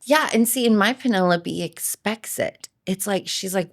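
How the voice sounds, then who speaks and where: A woman hosting a podcast, chatting casually and telling animated stories with frequent laughter. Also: on the low side, moderate pace, hardly any pauses. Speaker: podcast host. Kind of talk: casual chat.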